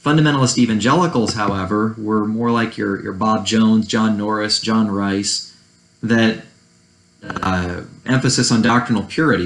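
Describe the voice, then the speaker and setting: A man's voice: on the low side, moderate pace, a bit bright, echoey room, rough recording. A man giving an unscripted church history lecture, often restarting phrases and adding fair-minded asides. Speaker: church teacher.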